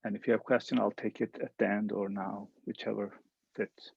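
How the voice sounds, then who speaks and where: Man, Turkish native, hesitant professor, husky and gravelly voice, dry lo-fi audio. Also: lowish voice, flat delivery, a little fast, a little mellow, dry recording. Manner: hesitant, with many "uh"s. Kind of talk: presenting a program in a webinar.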